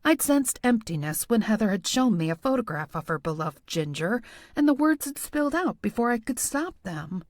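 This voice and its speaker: Female audiobook narrator, first person, wry and self-deprecating; lively, slightly high pitch, dry booth sound. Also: moderate pace, no room sound.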